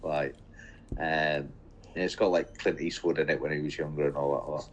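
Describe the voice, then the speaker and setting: A man's voice: a bass voice, flat delivery, moderate pace, slightly rough, poor audio. A young man chatting casually and rambling, with a lot of "like" fillers. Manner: rambling, heavy use of "like". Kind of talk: casual chat.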